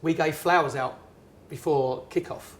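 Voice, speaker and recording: A middle-aged man tells a story to a room, chatty and lively, acting out the other voices as he goes. His voice sits a touch high for a man. A faint bar hum runs underneath. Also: a little slow. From England. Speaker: guest speaker, former footballer and pundit. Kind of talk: anecdotal storytelling on stage. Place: bar at a networking event.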